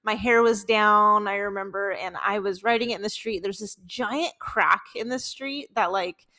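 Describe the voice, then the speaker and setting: Her voice is medium in pitch and sharp in tone, moving at a normal speed, as a woman in her twenties co-hosts a podcast. She chats casually about embarrassing moments, laughing as she tells them and filling her speech with "like."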